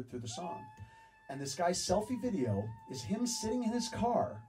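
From a distant mic with background noise, a medium-pitched man tells a story on stage to a live audience. He acts out both sides of a back-and-forth conversation.

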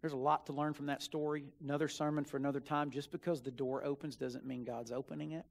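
A young man, a student minister, preaching a sermon built on a personal story, dropping to quiet asides and rising to loud emphatic bursts. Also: fairly high pitch, level tone, fast talker, vocal fry. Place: church sanctuary.

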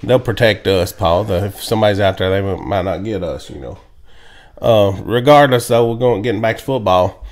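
A man hosting a casual football chat, laughing often and telling stories. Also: lowish voice. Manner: laid-back, laughs often, drawn-out stories. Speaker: podcast co-host. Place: home, indoors.

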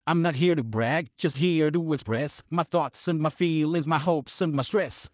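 Software voicing a synthetic male rapper. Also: on the high side, normal speed, lightly acted. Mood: rapping. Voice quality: computer-generated, slightly odd pronunciation. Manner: rhythmic, rapping on the beat. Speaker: demo vocal line. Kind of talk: rap.

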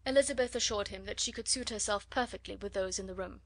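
A woman reads a classic novel aloud in a measured, clear way. Her voice sits at a middling pitch for a woman, with an even reading rhythm. It is scripted audiobook narration. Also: no echo.

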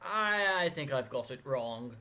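Guy narrating his game playthrough, slow and drawn out, voice goes up and down a lot. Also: mid-range voice, expressive, pushed and bright, slight background noise. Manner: chatty, joking, drawn-out delivery. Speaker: let's play commentator. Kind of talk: casual gameplay commentary.

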